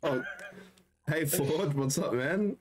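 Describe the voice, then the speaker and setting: A man's voice: a little high, slow pace, a crowd in the background. A man chatting casually with friends while gaming, joking and teasing them. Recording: clear background noise.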